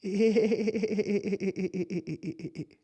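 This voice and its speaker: A man's voice: high-pitched, fairly even intonation, extremely slow, warm tone, slightly rough. A man giving casual live commentary on a day-trading stream, swearing, using slang and laughing often as he talks through charts.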